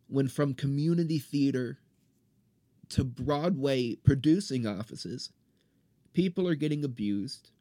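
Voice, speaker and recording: Guy in his 30s ranting on his podcast, fired up, dry close sound, mid pitch. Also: dark tone, dry recording. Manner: impassioned, indignant ranting. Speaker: podcast host. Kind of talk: solo ranting monologue.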